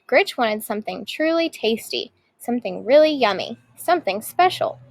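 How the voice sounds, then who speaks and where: A woman teacher reading a picture book aloud with lively expression. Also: on the high side, normal speed, poor audio.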